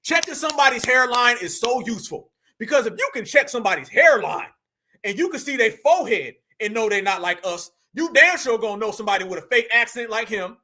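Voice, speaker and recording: A man talks in a high, bright voice. He gives animated, preachy commentary packed with slang, speaking straight to his online audience. His delivery stays casual and direct. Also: brisk.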